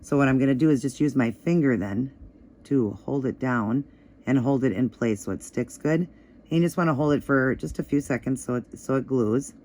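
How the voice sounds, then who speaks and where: A slightly hoarse woman giving a casual, chatty step-by-step nail art tutorial, with easygoing instructions and fillers. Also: a bass voice, moderate pace, dark tone. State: slightly hoarse, voice still crackly.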